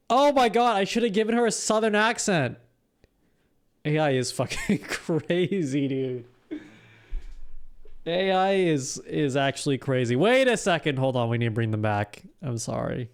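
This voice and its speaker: A male streamer chats on a live stream with a high, smooth voice. He is excitable and laughs and swears often, taking his time between words. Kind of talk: casual live stream chat.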